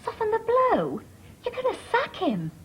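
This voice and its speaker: An actress playing a teasing, reproachful middle-aged wife with a dry wit in a 1990s studio sitcom. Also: female voice, very high-pitched, huge pitch swings, measured pace, slight background noise, heavily acted. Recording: dull broadcast sound, loud audience laughter.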